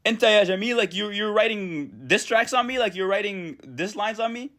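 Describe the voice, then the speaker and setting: A man voicing an annoyed, sharp-tongued young woman who herds camels. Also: mid-range voice, very animated, fast talker, voice pushed up, lightly acted. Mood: accusing. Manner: indignant, scolding.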